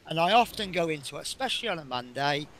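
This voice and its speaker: A man's voice: on the high side, expressive, fast, fairly bright tone. A middle-aged man, a bus driver, chatting casually and telling rambling work stories with frequent chuckles while building a model. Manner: rambling and anecdotal, chuckling often.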